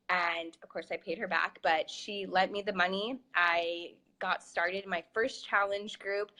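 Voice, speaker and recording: A young adult woman talks through her own experience as a fitness coach, loose and unscripted. Her voice is bright and forward, and she peppers every thought with "like" and "um". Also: medium pitch. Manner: chatty, many fillers like "like" and "um". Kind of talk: casual personal storytelling.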